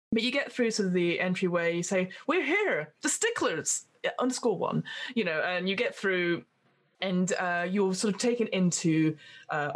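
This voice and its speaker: A woman running a tabletop game as game master, narrating loosely and often hedging with "sort of". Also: fairly low pitch.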